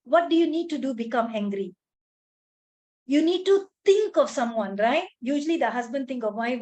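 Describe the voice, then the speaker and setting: High-voiced woman trainer teaching a workshop. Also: a little mellow. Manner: storytelling, repeats phrases for emphasis, asks the audience questions. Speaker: stress management trainer.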